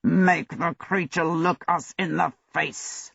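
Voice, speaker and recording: A narrator voicing an older, bald sultan whose low voice trembles with anger, speaking slowly and with menace. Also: creaky, a bit bright, breathy edge, dry recording, full character voice. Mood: cold fury. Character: older fat bald sultan, coldly furious. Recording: dull lo-fi audio.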